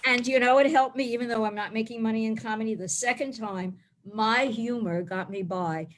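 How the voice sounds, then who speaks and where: A woman's voice: a little high, fairly even intonation, fairly quick, background noise. A woman in her forties from the Bronx doing a blunt, rambling stand-up set over a video call. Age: 40s. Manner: brash, rambling, blunt storytelling. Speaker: stand-up comic.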